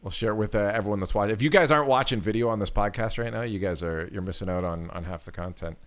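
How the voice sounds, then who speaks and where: A man's voice: on the low side, fast. A man hosting a podcast, chatting casually with many fillers and restarts. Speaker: podcast host. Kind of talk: casual chat.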